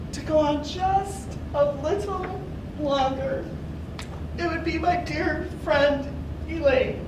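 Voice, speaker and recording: A middle-aged woman giving an impromptu contest speech, heartfelt and choked up at times, breaking into small laughs. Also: high voice. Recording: echoey room, mic from far off, noise.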